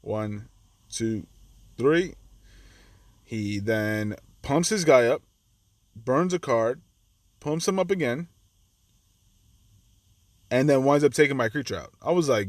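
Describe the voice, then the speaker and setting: A chatty man talks through his card game match in a relaxed, conversational way. His voice sits at an ordinary middle pitch. The sound is dry and close to the mic. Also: measured pace, pauses often, no room sound. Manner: chatty, acts out his own reactions to the opponent. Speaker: gaming channel host. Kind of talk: casual gameplay commentary.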